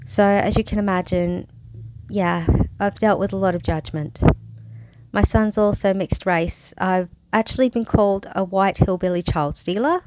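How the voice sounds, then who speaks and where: A woman's voice: medium pitch, normal speed, darkish tone, rough recording. Frank, wry Australian woman vlogger. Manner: frank and wry, with bursts of sarcasm. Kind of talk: candid personal storytelling.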